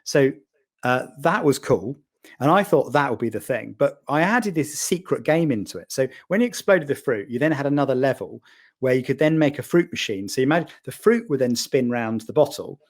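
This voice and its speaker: Animated man telling stories. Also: mid-range voice, fairly quick. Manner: lively anecdotes, restarts, acts out quoted voices. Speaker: podcast guest. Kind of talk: casual storytelling.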